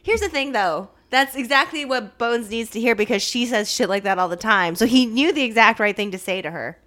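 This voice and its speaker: A woman's voice: a little high, fairly quick, a bit bright. A woman co-hosting a casual chat about a TV show, chatty and mocking, filling with "like". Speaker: podcast co-host.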